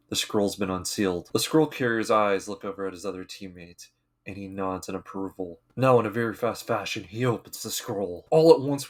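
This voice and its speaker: Low-voiced man recapping a cartoon. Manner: plain play-by-play retelling with wry asides. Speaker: anime recap narrator. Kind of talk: casual episode recap narration.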